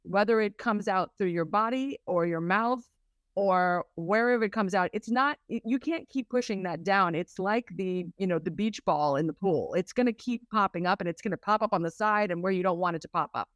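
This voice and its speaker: Animated woman coach on a podcast. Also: mid-range voice, moderate pace, no room sound. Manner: lively and animated, acts out quotes in raised voices. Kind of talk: conversational interview.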